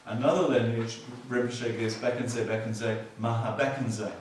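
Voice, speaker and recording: A man's voice: medium pitch, a little hiss or hum. Male Buddhist teacher, patient and repetitive with dry jokes, recorded far off in a very echoey hall. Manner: explains slowly, repeats key words, dry humor. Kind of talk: dharma teaching. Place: meditation hall.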